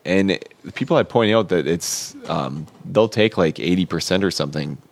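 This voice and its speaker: A man's voice: low voice, expressive, normal speed, creaky. A man talking casually with friends, rambling and laughing between thoughts. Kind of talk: casual chat.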